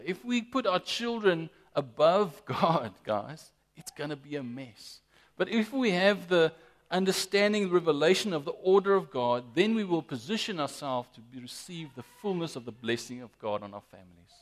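Lively preaching man, slightly higher voice. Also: moderate pace. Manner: lively, emphatic preaching with frequent "guys" and "amen". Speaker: pastor. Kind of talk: sermon.

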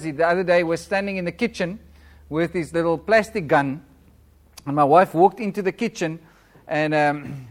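Man preaching a lively sermon, pitched a little high. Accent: non-British English, self-described flat. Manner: warm, conversational preaching with laughs and audience questions. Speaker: guest preacher. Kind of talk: sermon and prayer. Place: church.

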